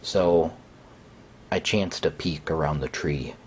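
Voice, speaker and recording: Deep, slow, hesitant male horror narrator. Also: slight background noise. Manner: hesitant, conversational, with fillers. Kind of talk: first-person horror narration.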